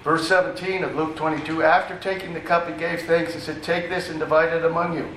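A man gives a sermon in a relaxed, teaching tone, with asides to his listeners. His voice sits a little high and is picked up from a distance. The room echoes around him, with a faint hum of ambience underneath. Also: a little fast. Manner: conversational teaching with asides to the congregation. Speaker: pastor.

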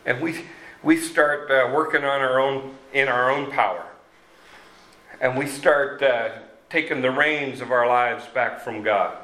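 A man preaching a sermon, slow and halting with many fillers and restarts. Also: medium pitch, fairly even intonation, pushed and bright, roomy sound, low-quality recording. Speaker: pastor.

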